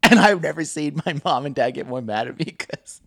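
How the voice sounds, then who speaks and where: Lively joking man, dry close mic. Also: fairly high pitch, creaky, no echo. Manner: jokey, swears, quick to tease and laugh. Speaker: podcast co-host. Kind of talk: casual chat.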